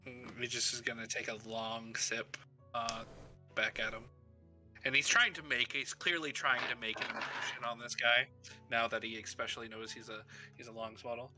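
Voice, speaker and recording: A man describing his character's actions as a player in a tabletop game, relaxed and hesitant. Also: medium pitch, moderate pace, faint music behind. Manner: relaxed, hesitant, many fillers.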